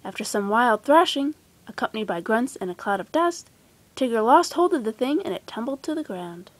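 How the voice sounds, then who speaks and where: A woman gently and expressively reading a children's storybook aloud. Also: fairly high pitch, very animated, fairly quick. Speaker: storybook reader.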